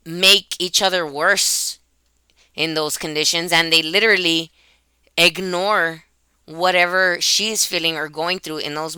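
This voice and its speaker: Woman vlogger, webcam monologue; very bright, crisp voice, dry sound, emotional and rambling delivery. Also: deep voice, dry recording. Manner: emotional, rambling, restarts and repeats herself. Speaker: YouTuber. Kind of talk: personal vlog monologue. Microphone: computer webcam.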